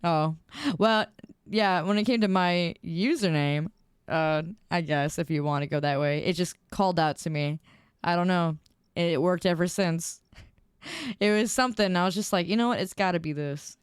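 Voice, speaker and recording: A woman's voice: on the low side, normal speed, clean tone, dry recording, clean studio sound. A young woman streamer in casual chat, reading viewer messages aloud and giggling often.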